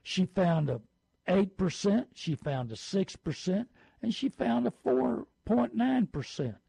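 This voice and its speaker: A middle-aged man giving folksy car-buying advice, with lively storytelling. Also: high-pitched, a little slow, gravelly, slightly rough, no room sound, rough recording.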